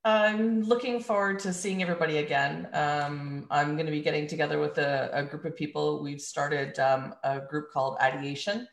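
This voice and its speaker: Woman on a panel, measured, pausy, roomy sound. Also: deep voice, steady tone, gravelly. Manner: measured, hesitant fillers. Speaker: panel guest. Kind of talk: casual panel chat.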